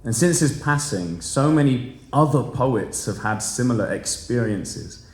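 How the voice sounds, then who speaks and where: Man, 30s, from the Channel Islands, poet and storyteller, mid-pitched, lively, acts out dialogue; echoey room. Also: measured pace. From Channel Islands, Jersey. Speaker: spoken word poet and teacher. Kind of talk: storytelling talk at a live event. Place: public library event room.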